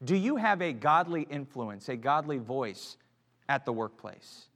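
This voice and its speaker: A man preaching a sermon, swinging between hushed, quiet lines and loud, emphatic ones. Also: medium pitch, big pitch swings, a little slow. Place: church. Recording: church sanctuary with long reverb.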